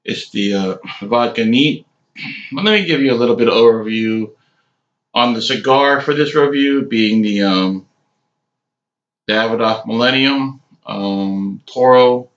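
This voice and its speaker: A man in his late forties giving a casual, rambling cigar review, halting often with ums. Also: fairly low pitch. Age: 40s. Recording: echoey room, dull lo-fi sound.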